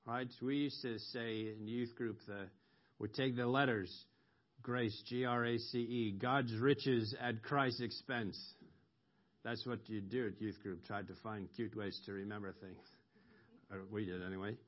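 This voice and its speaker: A man preaching a sermon, explaining scripture slowly with pauses and ums, rising sharply when he quotes a cry for mercy. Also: fairly low pitch, steady tone. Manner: slow, explanatory, with ums and emphatic rises on quoted cries. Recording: dull lo-fi recording.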